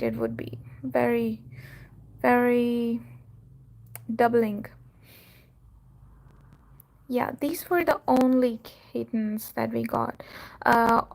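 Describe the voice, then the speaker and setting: A woman's voice: on the high side, creaky. A woman who runs a cattery and hosts her channel, chatting casually on a live stream, laughing often and trailing off with fillers. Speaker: cattery owner and channel host.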